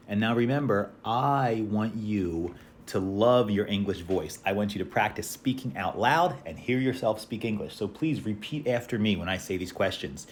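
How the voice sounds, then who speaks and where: A man teaching an English lesson, speaking slowly and clearly and modeling sentences for learners to repeat. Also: lowish voice, slight background noise. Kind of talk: class review lesson.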